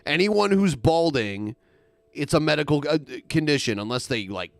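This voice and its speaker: A male podcast co-host speaks with a mid-range voice that swings widely. He is quick to object and correct others, and the sound is dry and close. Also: fairly high pitch, lively intonation, creaky, no echo. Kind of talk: casual podcast chat.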